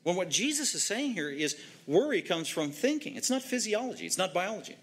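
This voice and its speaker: A man's voice: high voice, big pitch swings, brisk, a bit bright, slightly rough. A man preaching a sermon, emphatic and repetitive, driving home short commands. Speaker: pastor.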